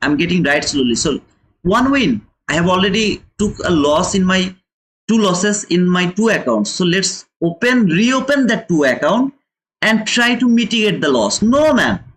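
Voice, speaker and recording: A man's voice: high voice, animated, normal speed, fairly bright tone. A man hosting a live trading lesson, lecturing viewers emphatically and repeating phrases for stress. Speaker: trading educator and channel host.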